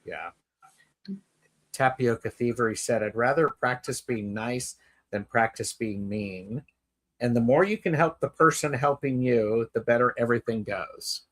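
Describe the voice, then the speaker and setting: Bright-voiced man telling a story. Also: mid-range voice, measured pace. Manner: storytelling, repeats words while gathering thoughts. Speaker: host. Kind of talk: casual chat.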